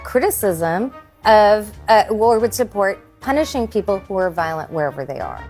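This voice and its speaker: Woman, TV panel debate, pointed and challenging, animated intonation, faint music behind. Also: mid-range voice, moderate pace.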